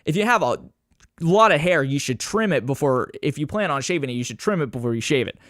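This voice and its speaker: Talking quickly in a slightly high voice, a young man hosts a podcast by himself, wandering off on tangents, cursing, and teasing himself. He animatedly imitates others with his voice raised, and the studio-quality audio has no echo.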